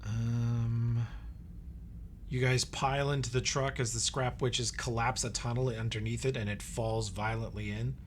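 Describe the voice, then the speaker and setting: A man's voice: mid-range voice, little pitch movement, unhurried, slight background noise. A man narrating as game master of a tabletop game, describing the scene in vivid detail.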